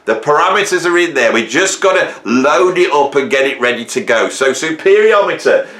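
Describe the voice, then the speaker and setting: Playful rambling guy talking to camera, bouncy pitch, echoey room. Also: lively intonation, fairly quick, pushed and bright. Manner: chatty, rambling, playful, jokey asides. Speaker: music video host. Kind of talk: casual chat to camera.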